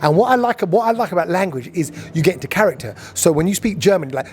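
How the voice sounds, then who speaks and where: A British man, a radio presenter, chatting as a guest with animated, jokey storytelling. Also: high-pitched, quick pace, few pauses, slightly rough. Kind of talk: casual chat.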